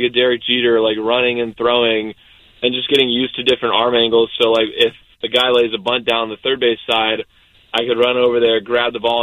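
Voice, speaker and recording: A young adult man, a baseball pitcher, chatting casually as a guest, rambling with many fillers. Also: no echo, phone-quality sound. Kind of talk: casual interview chat.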